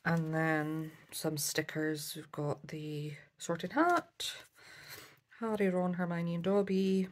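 A woman's voice: lowish voice, slow. A woman chatting casually through a craft haul, with lots of ums and asides. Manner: chatty, many ums, self-correcting. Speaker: craft vlogger. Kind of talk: casual show-and-tell haul.

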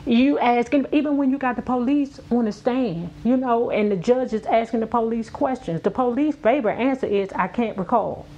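A woman's voice: on the high side, moderate pace, few pauses, warm tone. A woman hosting a casual commentary, reading a book aloud and cutting in with blunt, profane remarks to her viewers. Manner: outspoken, profane, talks straight to viewers. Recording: dull lo-fi audio with faint hum.

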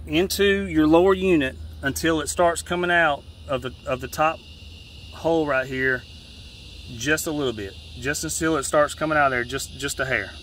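Folksy Southern man explaining outdoors. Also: a little high. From Georgia, US. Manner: relaxed, folksy, repeats and restarts phrases. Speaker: fishing guide. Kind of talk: casual how-to demonstration. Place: outdoors beside a boat. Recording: faint outdoor noise.

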